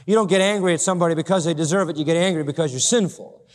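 A man preaching a sermon with emphatic force, swinging from loud climaxes to low, quiet asides and asking his listeners pointed rhetorical questions. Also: racing. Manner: emphatic, rising to loud peaks and dropping low; asks the congregation direct rhetorical questions. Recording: long hall reverb.

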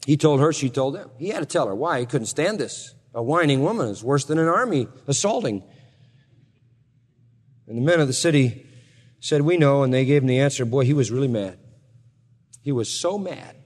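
A man's voice: mid-range voice, animated, moderate pace, long pauses, a little mellow, husky. A man teaching a Bible passage in a sermon, telling the story in a conversational, wry way with asides to his listeners. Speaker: pastor. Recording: long hall reverb.

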